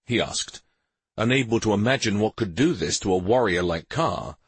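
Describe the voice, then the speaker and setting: Husky, low, slow male storyteller. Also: expressive, no echo. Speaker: narrator. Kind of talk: audiobook narration.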